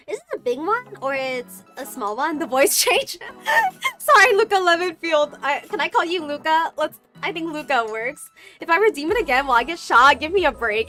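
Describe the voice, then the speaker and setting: A young adult woman streaming as a VTuber, chatting casually with her viewers in a rambling way, full of "like" fillers and giggles, with some vocal fry. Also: high-pitched, sharp tone. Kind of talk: casual chat reading viewer comments.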